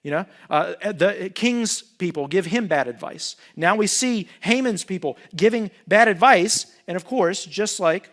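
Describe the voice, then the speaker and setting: A man preaching a sermon as pastor, talking in a casual, animated way and joking with the congregation. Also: sits high, measured pace, few pauses. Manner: conversational, animated, jokes with the congregation.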